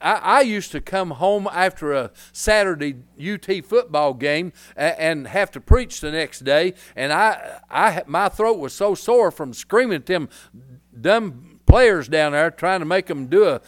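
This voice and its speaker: An older man preaching a folksy, rambling sermon as pastor, breaking into loud hollers. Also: fairly high pitch, lively intonation, measured pace.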